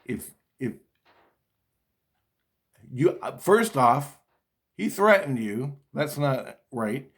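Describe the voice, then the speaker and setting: Middle-aged guy rambling on his vlog, swears a lot, keeps restarting, mid-pitched voice. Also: big pitch swings, takes it slowly. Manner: swears casually, restarts sentences, quotes voices in dialogue. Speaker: vlogger. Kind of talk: rambling spiritual monologue.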